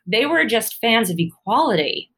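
Woman, interview guest, animated storytelling, frequent laughs, filler words. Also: on the high side, normal speed. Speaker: guest, former pro cyclist and author. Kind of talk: casual interview conversation.

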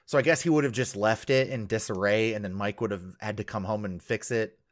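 A man with a lowish voice talks through a reality show episode in a loose, rambling way, dropping fillers and laughing as he goes. It's relaxed conversation among friends. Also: fairly quick. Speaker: podcast co-host. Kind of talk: casual chat recapping a reality show.

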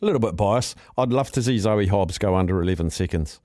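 A man's voice: fairly low pitch, fast, darkish tone, no room sound, studio quality. A man hosting sports talkback radio in an easygoing, chatty way.

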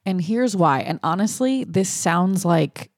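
Woman co-host, casual podcast banter, deadpan, dry close sound. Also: on the low side, takes it slowly, no echo.

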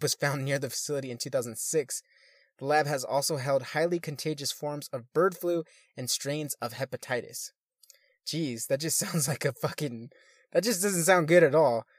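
A man's voice: mid-range voice, fairly quick, dry recording, clean studio sound. A man reading news articles aloud and adding crude, swearing comments between them, sometimes stumbling over words.

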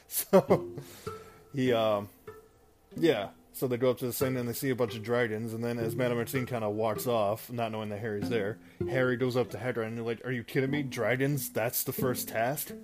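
A man hosting a podcast, casually recapping a movie into his phone, rambling and often correcting himself mid-sentence. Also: medium pitch. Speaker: podcast host. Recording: music playing underneath.

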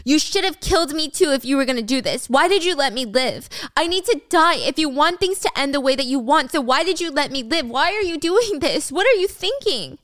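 A woman's voice: high voice, animated, a little fast, hardly any pauses, a bit bright, dry recording, clean studio sound, pitched above the performer's own voice. A woman reading an anxious, pleading teen girl. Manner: pleading questions.

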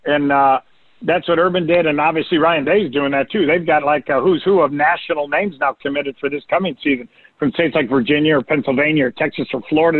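An older man talks sports on a call-in radio show, rambling through stories and quoting coaches in a lifted voice. His voice sits a bit high, and the sound is dry and squeezed like a phone line. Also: no echo. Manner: storytelling, quotes coaches in a raised voice. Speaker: recruiting analyst guest. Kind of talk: casual radio sports talk.

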